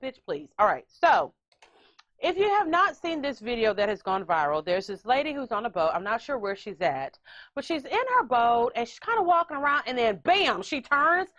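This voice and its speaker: A middle-aged woman hosting a podcast, telling a story with animated comic commentary and acting out voices. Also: fairly high pitch, highs cut off. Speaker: podcast host. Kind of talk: casual comedic commentary.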